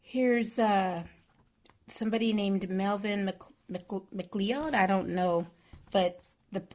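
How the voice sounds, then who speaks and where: A woman's voice: medium pitch, slow pace, a little mellow. A woman meditation teacher giving a casual, reflective dharma talk with hesitant restarts, at a retreat center.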